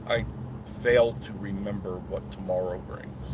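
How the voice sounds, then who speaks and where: A man's voice: fairly low pitch, moderate pace. Folksy man chatting live from his car. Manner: rambling, folksy, chatting with viewers. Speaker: channel host. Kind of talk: live-streamed driving chat. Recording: live stream with noisy car background. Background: car and road noise.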